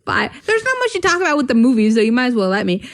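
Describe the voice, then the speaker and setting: A woman's voice: high voice, big pitch swings, quick pace, no echo, clean studio sound. A young woman from North Carolina co-hosting a podcast, telling a long, filler-heavy story in casual chat and laughing often. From North Carolina, USA. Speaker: podcast co-host.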